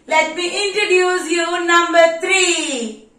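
A woman teaches a kindergarten class, praising and coaxing with patient repetition. Her voice is very high, slow and bright. She sounds distant in a strongly echoing room. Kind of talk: online class for young children. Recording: echoey room, mic far off.

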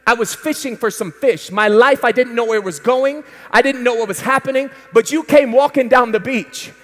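A man's voice: extremely high pitch, normal speed, a bit bright. A man preaching as the apostle Peter, a devoted fisherman praying aloud in heartfelt first person, in a church hall with long reverb. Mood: wistful. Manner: heartfelt first-person prayer, intense and pleading. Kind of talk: dramatized sermon monologue.

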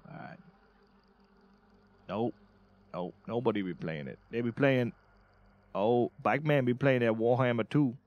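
A man's voice: medium pitch, a little slow, pauses often, dull audio. A man streaming a game, chatting in a drawling, folksy way and often exclaiming "Oh, Lord.". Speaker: streamer playing as a Louisiana bayou character. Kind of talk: casual gaming stream banter with put-on Cajun drawl.

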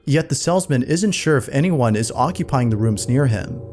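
A man reading scripted narration in an even, measured storytelling manner. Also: medium pitch, soft background music. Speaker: narrator of a played compilation video.

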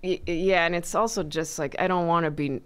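A woman comedian chatting as a podcast guest, soft-spoken and halting, often trailing off. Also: on the low side, fairly even intonation, clean tone. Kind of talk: casual chat.

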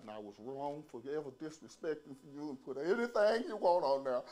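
A man's voice: on the high side, moderate pace, few pauses. A middle-aged man telling a profane prison story as stand-up, acting out the people he quotes. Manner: profane, animated, acts out quoted voices. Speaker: stand-up comedian.

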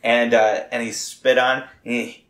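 A man running a tabletop game as game master, narrating haltingly with many fillers and restarts. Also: mid-range voice, flat delivery, a bit bright. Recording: echoey room.

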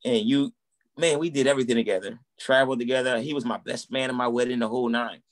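A man in his thirties tells his story in a relaxed interview. He talks in a loose, chatty way and acts out what people said along the way. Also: mid-range voice, quick pace. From United States. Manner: animated, acts out quoted dialogue. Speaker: guest, musician and minister. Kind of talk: casual conversational storytelling.

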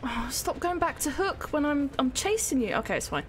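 A woman giving excitable, sweary, self-mocking commentary on her own gameplay as a streamer. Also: sits high, a little fast. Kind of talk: live gaming commentary.

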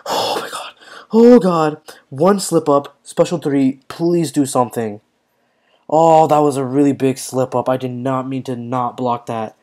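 A man's voice: mid-range voice, unhurried, dark tone. A young man giving live commentary while playing a mobile fighting game, talking in slang and often exclaiming in frustration.

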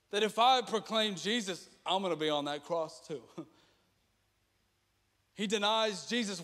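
A man with a high, ringing voice preaches a passionate sermon in a large church. He repeats his lines for emphasis and drops to near-whispers before rising again. His voice carries a long reverb tail off the hall walls. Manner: impassioned, repetitive preaching with dramatic drops to quiet. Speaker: pastor.

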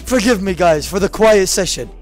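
A man's voice: high-pitched, normal speed, a little mellow, faint music behind. A man streaming a game, talking casually with lots of swearing, trash talk and repeated phrases. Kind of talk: casual live gameplay commentary.

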